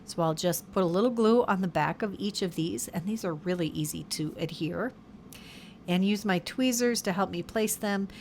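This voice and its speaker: A woman's voice: medium pitch, moderate pace, darkish tone, slight background noise. A woman hosting a card-making tutorial, narrating each step in a casual, chatty way and often correcting herself mid-sentence. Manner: chatty, self-correcting, fond of her materials.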